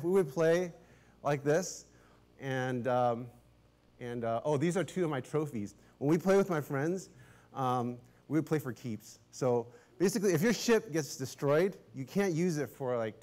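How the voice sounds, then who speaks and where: A middle-aged man preaching as a pastor, telling a story in a chatty, animated way, often restarting his sentences and laughing. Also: on the high side, measured pace. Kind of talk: casual storytelling sermon.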